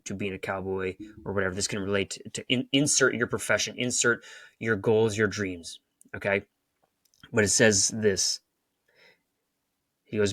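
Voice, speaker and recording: A man's voice: lowish voice, fairly bright tone, dry recording, clean studio sound. A man hosting a podcast, giving a rambling motivational talk and retelling scenes with emphasis. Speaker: podcast host and coach.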